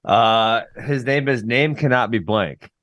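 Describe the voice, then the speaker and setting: A man's voice: mid-range voice, a little slow, fairly bright tone, no echo, lo-fi sound. A man co-hosting a podcast, chatting casually in a playful, teasing way. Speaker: podcast co-host and former wrestler.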